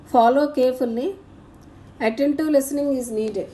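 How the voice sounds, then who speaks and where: A woman teacher, slowly reading out grammar exercise answers and punctuation marks. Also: high-pitched, dark tone. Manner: slow, deliberate dictation of answers and punctuation.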